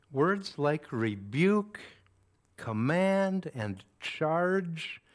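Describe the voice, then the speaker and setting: A man preaching a sermon in a slow, measured way, with deliberate pauses between phrases. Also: on the high side.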